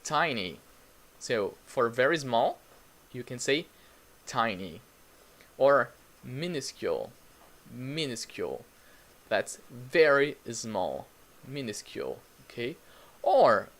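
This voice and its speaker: A man leads a live online English lesson, speaking slowly and patiently. His pitch moves a lot as he repeats new words for learners and greets viewers in the chat by name. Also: a bit bright. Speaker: English teacher.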